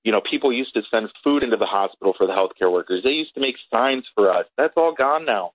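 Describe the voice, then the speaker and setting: A man's voice: mid-range voice, lively intonation, quick pace, slightly rough, no echo. A man calling in as a critical care doctor, earnest and emotional. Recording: tinny phone line.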